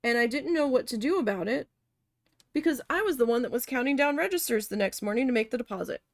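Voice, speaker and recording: A woman with a raised, fry-laden voice tells a long, candid story as she paints. She talks casually, swears freely and corrects herself as she goes. Her voice is recorded close and dry, with almost no room sound. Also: on the high side, animated, fast talker, no echo. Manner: candid, profane, rambling with self-corrections. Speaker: art vlogger recalling a retail cashier job.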